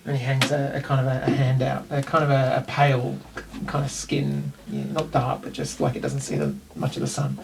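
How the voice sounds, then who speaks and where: A man's voice: medium pitch, a little fast, creaky, few pauses, distant mic, slight background noise. A man with a New Zealand accent narrating a tabletop game as game master, in a loose, rambling way.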